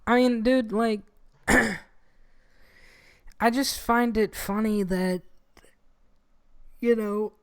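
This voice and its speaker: A young man co-hosting a podcast, talking in a loose, rambling way and swearing a lot. His voice is smooth and clear, and it sits at a middle pitch. The sound is dry and close, with no room around it. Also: takes it slowly, pauses often, dry recording. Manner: rambling, profane, animated when quoting people. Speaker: podcast co-host. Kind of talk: casual chat.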